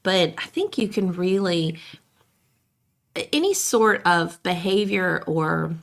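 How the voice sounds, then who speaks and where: Hoarse lady rambling on a podcast, low gravelly voice, lots of ums. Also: lively intonation, slow. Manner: rambling, many fillers and restarts. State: hoarse, coughing. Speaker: podcast co-host. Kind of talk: casual chat.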